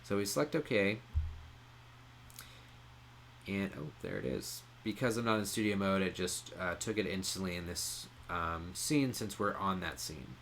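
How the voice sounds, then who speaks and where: A man presenting a casual software tutorial, explaining each step in a relaxed way with frequent "um" pauses. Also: deep voice, gravelly, a little hiss or hum. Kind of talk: casual screen-share tutorial.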